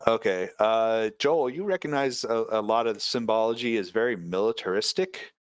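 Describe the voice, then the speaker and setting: A man's voice: fairly low pitch, normal speed, no room sound. A man narrating a tabletop game as game master, hesitant and full of filler sounds.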